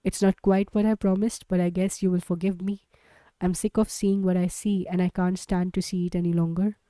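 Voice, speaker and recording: A woman reading a farewell letter from a weary former sailor, in a quiet, resigned tone. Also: high voice, flat delivery, moderate pace, clean tone, no room sound, close to an everyday voice.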